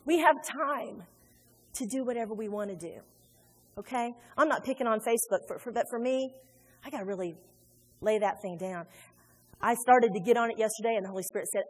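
A woman pastor preaching a sermon in a large church, animated and conversational, acting out little quotes as she goes. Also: fairly high pitch, a little fast, long pauses, slightly rough. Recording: reverberant hall with faint music.

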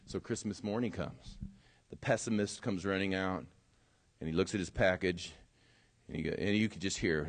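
A man preaching a sermon as pastor and telling a story, swinging from loud emphasis to quiet asides. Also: low voice, normal speed.

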